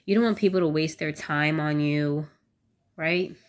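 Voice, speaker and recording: Low-pitched woman vlogging, candid and rambly, says "like" a lot. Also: a little slow. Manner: candid, rambling, lots of "like" fillers. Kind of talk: casual talk to camera.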